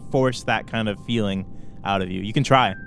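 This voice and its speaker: A man running a tabletop game, his voice sitting a little low. He narrates hesitantly with many fillers, and soft music plays behind him. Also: normal speed, gravelly. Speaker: game master.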